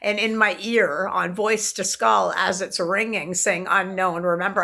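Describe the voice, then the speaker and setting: A woman's voice: mid-range voice, fairly even intonation, moderate pace, vocal fry, hardly any pauses, bright, forceful tone. A woman talks to camera in a long, rambling monologue, intense and swearing freely as she jumps from topic to topic. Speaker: vlogger.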